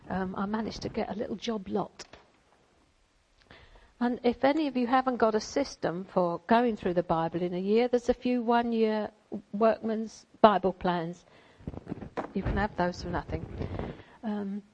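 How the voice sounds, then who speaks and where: A woman's voice: medium pitch, dull audio. A woman giving an informal church talk, chatty with frequent ums and asides, reading a storybook passage aloud. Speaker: church speaker.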